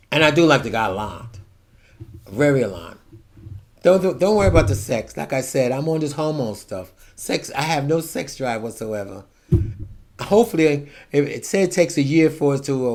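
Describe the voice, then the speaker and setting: A man in his seventies rants his way through a vlog monologue, his voice sitting high and swooping all over the place. He drifts from topic to topic, dropping to quiet mutters before bursting out loud again. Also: lively intonation, normal speed. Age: 70s. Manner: ranting, digressive, swings from soft asides to loud outbursts. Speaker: vlogger. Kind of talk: rambling monologue to camera.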